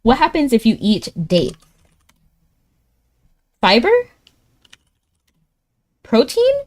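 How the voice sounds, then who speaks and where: A woman streaming live in casual chat, thinking aloud as she plays a word game, laughing often and jumping up in pitch when excited. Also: a little slow.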